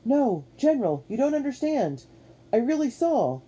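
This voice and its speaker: A woman's voice: sits high, big pitch swings, normal speed, mellow, slightly rough, voice pushed up, heavily acted, low-quality recording. A woman voicing a frantic, wheezing army captain. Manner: wheezing, exclaiming.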